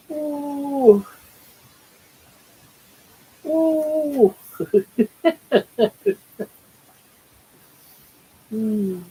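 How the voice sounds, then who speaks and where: A woman's voice: sits high, expressive, drawn-out words, pauses often, mellow, rough recording. An older woman hosting a casual livestream from home, cooing baby talk to her pet. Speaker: livestream host.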